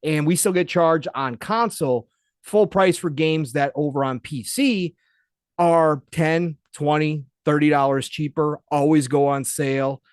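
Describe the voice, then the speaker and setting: A man's voice: a little high, unhurried, clear, resonant tone, dry recording, clean studio sound. Fired-up man ranting on a podcast. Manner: opinionated, emphatic, fired-up. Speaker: podcast co-host. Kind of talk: casual podcast opinion rant.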